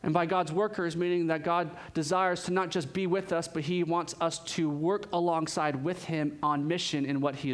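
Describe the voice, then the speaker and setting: Lively, high-voiced male pastor preaching. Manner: animated storytelling, laughs and asides. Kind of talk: sermon.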